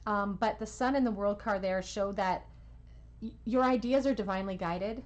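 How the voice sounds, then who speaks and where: A woman giving a pick-a-card tarot reading at home, soothing and reassuring, with soft laughs. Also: medium pitch, normal speed, muffled recording. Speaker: tarot reader.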